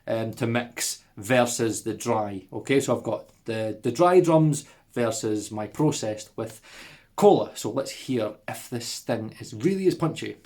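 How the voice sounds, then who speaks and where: A man's voice: mid-range voice, expressive, unhurried, darkish tone. A man hosting an audio production video in a casual, jokey, upbeat chat, repeating words for emphasis.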